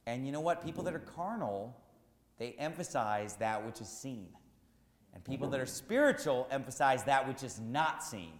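A man preaching a sermon as pastor, emphatic and repetitive, rising to shouts at times. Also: medium pitch, expressive, normal speed, reverberant, long reverb tail.

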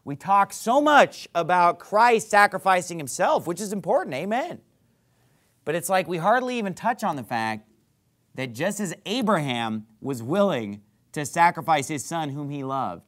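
A pastor preaching with a high voice that swings up and down a lot. He reads old-style scripture verses aloud and hammers his points home with repetition, rising to loud, forceful peaks. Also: animated, unhurried. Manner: emphatic, repeats phrases, climbs to loud peaks; reads scripture aloud in King James wording. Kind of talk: sermon.

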